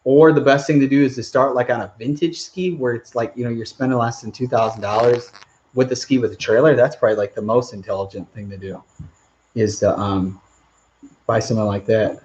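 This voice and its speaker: A man's voice: mid-range voice, steady tone, brisk, darkish tone, lo-fi sound. A man hosting a live stream Q&A outdoors, rambling casually as he reads out viewer comments. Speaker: channel host.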